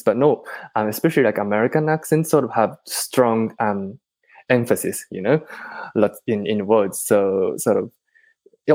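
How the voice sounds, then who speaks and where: A man's voice: on the low side, a little mellow, dry recording. Hesitant man, dry sound. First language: Japanese. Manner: hesitant, many ums and restarts. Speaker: guest, podcaster. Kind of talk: casual interview chat.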